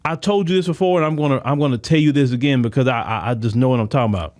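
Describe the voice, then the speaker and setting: On his podcast, a man delivers a fiery political monologue, preaching straight to his listeners and often repeating and restarting his words. His medium-pitched voice has a darkish tone and races along.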